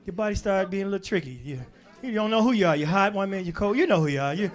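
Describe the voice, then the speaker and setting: A man performing a stand-up comedy set in a club, working the crowd with loud bursts and low asides. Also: expressive, racing. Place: comedy club stage before a laughing crowd. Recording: live club recording with crowd laughter. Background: audience laughter.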